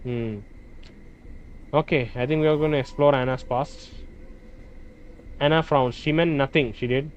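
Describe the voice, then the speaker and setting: A man playing a role-playing game, reading its dialogue aloud and thinking out loud between lines. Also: medium pitch, steady tone, measured pace, long pauses, lo-fi sound, slight background noise. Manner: hesitant, restarts and fillers, reads dialogue in plain voice. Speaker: gameplay streamer.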